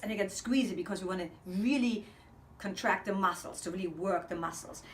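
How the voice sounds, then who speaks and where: A woman's voice: medium pitch, a little fast, slight background noise. A woman vocal coach leading a breathing lesson, counting steadily and speaking in an upbeat, encouraging way.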